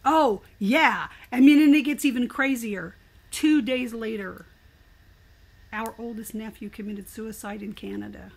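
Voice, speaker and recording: An older woman, a guest in an interview, telling her story in an animated, expressive way. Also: on the high side, a little slow.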